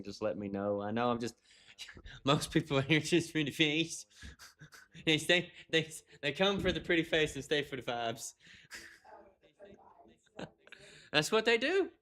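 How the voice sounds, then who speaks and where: A man's voice: medium pitch, a bit bright. A man hosting a casual live stream, laughing a lot and swearing as he reads chat comments aloud into a laptop mic.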